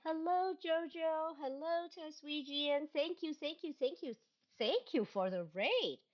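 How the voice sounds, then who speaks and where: A woman streamer chatting casually to her viewers, excitable, often gasping and squealing. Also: high voice, measured pace. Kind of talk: casual live-stream chat. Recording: dull lo-fi stream mic.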